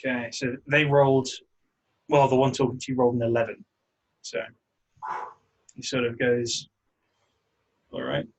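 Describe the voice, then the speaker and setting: Man, game master, husky voice, relaxed, halting narration. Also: mid-range voice, poor audio. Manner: relaxed, hesitant narration with many fillers.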